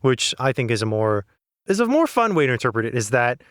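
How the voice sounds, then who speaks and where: A man co-hosting a podcast, chatting casually with playful asides and quick laughter. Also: medium pitch, sing-song, fairly bright tone, no echo, clean studio sound. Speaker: podcast co-host. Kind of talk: casual chat.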